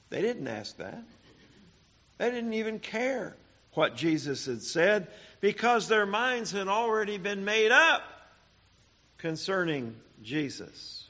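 A man teaching a Bible study sermon, speaking deliberately with "uh" pauses and rhetorical questions. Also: high-pitched, very animated, fairly bright tone, dull audio.

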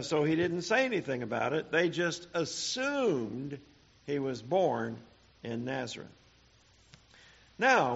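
Male Bible teacher, sermon, slow deliberate talk, rhetorical questions, slightly dull lo-fi sound. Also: mid-range voice, breathy edge.

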